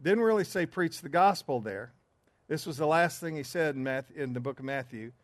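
A man's voice: on the high side, expressive, moderate pace, no echo. A man teaching a men's group in an earnest, emphatic preaching style, with asides along the way.

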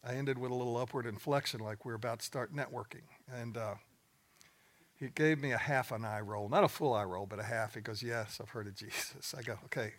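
A man's voice: medium pitch, a little fast. An older man, a coach, giving a folksy, plain-spoken sermon to a room of men, telling stories with joking asides. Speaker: speaker at a men's gathering. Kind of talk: sermon with storytelling.

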